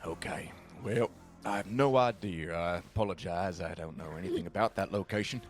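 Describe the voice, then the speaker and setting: A man's voice: deep voice, normal speed. A man playing a nervous, rambling frontier man. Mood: curious. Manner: rambling, nervous, swears, self-deprecating. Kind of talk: western roleplay.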